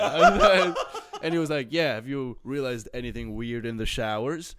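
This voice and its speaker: A man's voice: medium pitch, moderate pace, a loud crowd. A man, a comedian, trading jokey stories in a casual podcast chat and laughing often.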